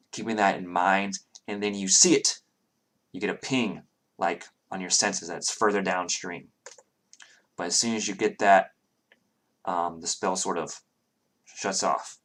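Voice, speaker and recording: A man narrating a tabletop game as dungeon master, halting with many ums and restarts. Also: sits low, fairly bright tone.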